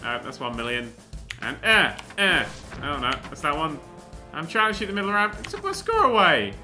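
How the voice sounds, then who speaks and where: A man giving rambling, excitable gameplay commentary and swearing often as he plays. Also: on the high side, normal speed, soft background music. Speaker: let's play host.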